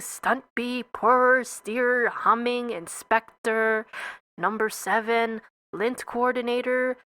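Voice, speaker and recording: Young woman, comedic script reading, bright voice, unhurried, dry close sound. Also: high-pitched, no echo. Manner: reads all parts and stage directions, breaks off to comment and swear.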